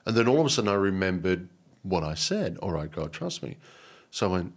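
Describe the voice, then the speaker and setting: Husky low-voiced Australian man. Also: a little fast. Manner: earnest and animated, repeats words, many restarts. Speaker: guest. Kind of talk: emotional personal storytelling.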